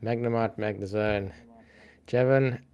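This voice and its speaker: A man's voice: fairly low pitch, steady tone, a little slow, clean tone, lo-fi sound. A man hosting a live-stream trivia game in a casual, chatty way, thinking aloud and greeting viewers by name.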